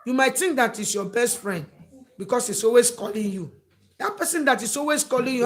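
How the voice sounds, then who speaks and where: A woman with a fairly high, brisk voice gives emphatic, repetitive advice straight to camera, sometimes acting out what her friends say. She's an advice vlogger, and the talk has a preachy tone.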